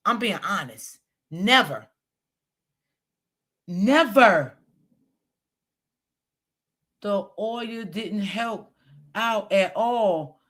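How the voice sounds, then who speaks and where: A woman's voice: medium pitch, slow. A woman commentating on a live stream, blunt and profane, speaking straight to her viewers. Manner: blunt, profane, emphatic, talks straight to the audience. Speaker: online commentator.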